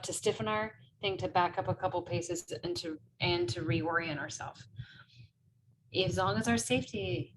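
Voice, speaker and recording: A woman facilitating an online workshop, speaking gently and encouragingly with frequent fillers, over a video call. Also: medium pitch. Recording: noisy video call audio.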